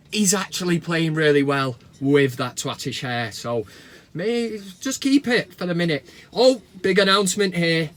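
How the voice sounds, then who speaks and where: A man's voice: on the high side, a bit bright. A man with a Mancunian accent hosting a football fan vlog, reading viewer comments with sweary, cheeky banter. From Manchester, England. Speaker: football fan channel host. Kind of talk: casual fan reaction vlog. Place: talking into a camera at home. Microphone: camera mic.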